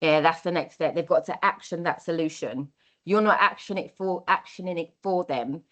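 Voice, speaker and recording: A woman's voice: fairly low pitch, normal speed, fairly bright tone. A young adult woman giving a workshop talk, earnest and encouraging, repeating her key phrases. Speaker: workshop speaker on mentoring.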